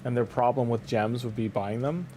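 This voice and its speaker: A man's voice: mid-range voice, normal speed, warm tone, a little hiss or hum. Rambling Canadian man streaming. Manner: rambling, leans on "like", frequent restarts. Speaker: game streamer. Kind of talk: casual live-stream chat.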